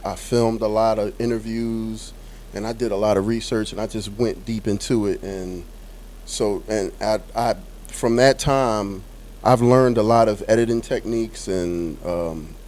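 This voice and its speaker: A man being interviewed about getting into filmmaking, speaking in a relaxed, rambling way with fillers. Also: on the low side, slight background noise. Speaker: filmmaker guest. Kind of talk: casual interview.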